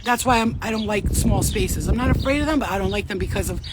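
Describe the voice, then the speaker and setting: A spiritual reader with a medium-pitched voice talks fast to her viewers while walking her dog outdoors, and the audio is very noisy. Her pep talk is casual, blunt and fired up, packed with profanity and slang.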